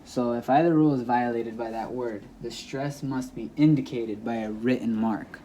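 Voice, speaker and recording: A man's voice: mid-range voice, fairly even intonation, normal speed, mellow, a little hiss or hum. A man teaching a language lesson, patiently explaining rules and sounding words out again and again. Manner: patient, repetitive, demonstrates pronunciation by saying words aloud. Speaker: Spanish teacher. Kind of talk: classroom-style lesson explaining grammar.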